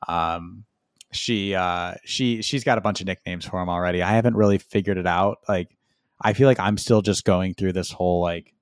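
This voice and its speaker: A man's voice: low-pitched, fairly even intonation, normal speed, clear, resonant tone, no room sound, clean studio sound. A man co-hosting a podcast, telling stories in a sheepish, self-deprecating way with frequent laughs. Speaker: podcast co-host. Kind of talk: casual chat.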